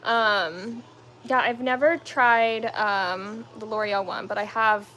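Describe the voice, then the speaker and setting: A woman's voice: medium pitch, steady tone, slow, sharp tone, a little hiss or hum. A young woman at home chatting casually with viewers while doing her makeup, rambling with lots of fillers. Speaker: lifestyle livestream host.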